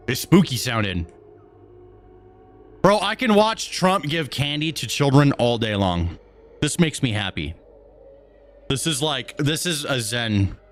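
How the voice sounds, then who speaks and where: Fairly high-pitched and a bit bright, this live stream host keeps things relaxed, chuckling as he reads chat messages and responds to them.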